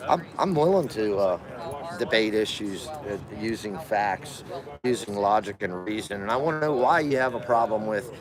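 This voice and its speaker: A man's voice: fairly low pitch, lively intonation, moderate pace. A man livestreaming from a protest, combatively calling out passersby and daring them to come and debate. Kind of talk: livestream commentary. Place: outdoors at a rally by a capitol building. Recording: outdoor rally crowd noise.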